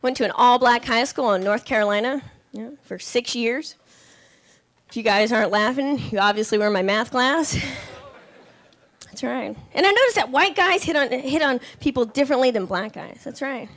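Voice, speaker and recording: Stand-up comic, woman, high bright voice, sassy punchy delivery on stage. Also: lively intonation, moderate pace. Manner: sassy, punchy delivery with impressions of relatives and men. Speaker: stand-up comedian. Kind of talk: stand-up comedy set. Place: comedy club stage with a live audience.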